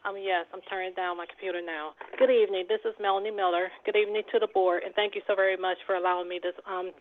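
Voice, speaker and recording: A woman's voice: mid-range voice, steady tone, fast. A woman, a parent and healthcare provider, giving a polite, concerned public comment at a meeting, with many hesitant fillers. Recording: tinny phone line.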